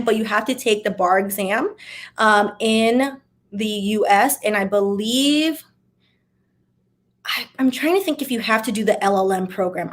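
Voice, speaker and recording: A young woman from Miami, chatting casually as she answers viewer questions, with sassy, wry asides. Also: mid-range voice. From Miami, USA. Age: young adult. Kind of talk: casual Q&A chat.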